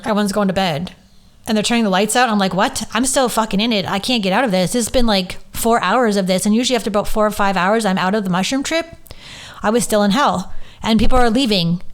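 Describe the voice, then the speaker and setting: A woman's voice: mid-range voice, clear, resonant tone. A woman hosting a podcast, candidly telling a personal story with strong emotion, holding back tears and swearing freely. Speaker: podcast host and Reiki teacher.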